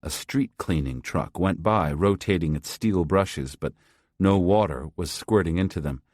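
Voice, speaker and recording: A man narrating a first-person story as an audiobook, in a measured, sober way. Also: sits low, darkish tone, no room sound, studio quality.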